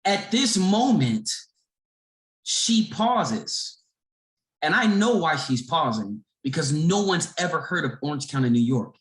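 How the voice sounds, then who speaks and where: A middle-aged man from Chicago telling a story as a podcast guest, animated and acting out the people in it. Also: on the high side, unhurried. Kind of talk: casual storytelling. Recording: roomy echo.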